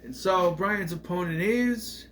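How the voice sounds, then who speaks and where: A man casually reviewing a movie in a rambling, offhand way, retelling scenes in quoted voices and breaking into loud mock outrage. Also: sits high, slow pace, slight background noise.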